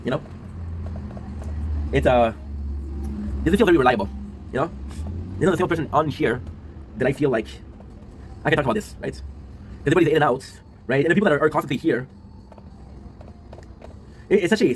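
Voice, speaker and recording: In a casual confessional monologue, a twenty-something streamer and video creator sounds low and worn out. He rambles, often ends lines with a tag question, and swears a lot, on a rough recording with slight background noise.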